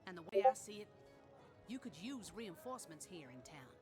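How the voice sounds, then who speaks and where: This video game character, a boisterous retired woman warrior with a Southern American accent, is voiced by a woman at medium pitch. She talks fairly quickly in a natural voice with big pitch swings, sounding folksy, rousing, and full of old sayings, with game music underneath.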